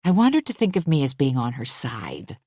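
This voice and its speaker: A woman narrating a thriller audiobook in the first person, measured and even. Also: very deep voice, husky, no echo, studio quality.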